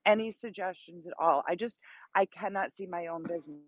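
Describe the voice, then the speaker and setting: A woman calling into a live podcast from a hair salon, excitable and gushing, swearing casually. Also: on the low side, fairly quick, poor audio. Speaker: audience caller.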